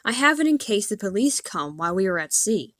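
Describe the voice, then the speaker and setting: A woman voicing a harsh shouting bus driver. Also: mid-range voice, very animated, a little fast, dry recording, studio quality. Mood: defensive. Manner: barking orders, loud.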